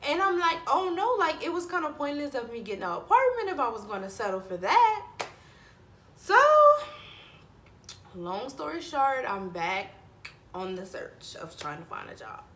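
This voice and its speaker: A young woman vlogging to camera, chatting in a stressed but animated storytelling way and addressing viewers directly. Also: high voice, moderate pace, roomy sound, slight background noise. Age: young adult. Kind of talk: casual chat to camera.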